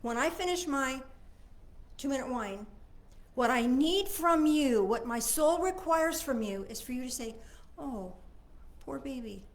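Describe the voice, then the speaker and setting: A woman minister giving an informal Sunday service talk. She speaks conversationally, checks in with her listeners, and moves between soft asides and emphatic points. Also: high voice, animated, measured pace. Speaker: spiritual minister.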